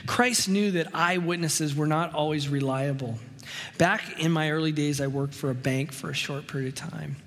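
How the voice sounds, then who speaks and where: A pastor speaks to his congregation in a conversational sermon style, with a slightly higher pitch than most men. He slows right down to stress key words. His voice rings with the long reverb of a church hall. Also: a bit bright. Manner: conversational preaching with anecdotes, slows for emphasis.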